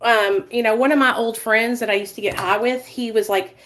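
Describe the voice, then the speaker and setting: A woman's voice: on the high side, steady tone, a little fast, fairly bright tone, low-quality recording. A woman in her thirties talking to her viewers as a vlogger, emotional and rambling, with many fillers and asides. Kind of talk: emotional casual talk to viewers.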